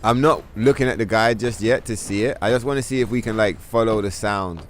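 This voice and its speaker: A man's voice: on the low side, brisk, a little hiss or hum. Exasperated ranting male game streamer. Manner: profane, exasperated ranting with mocking put-on voices. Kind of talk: casual gaming stream rant.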